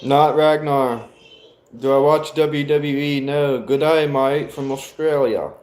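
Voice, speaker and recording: A young man casually answering live chat as a streamer, in slow, laid-back replies. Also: mid-range voice, steady tone, a little mellow.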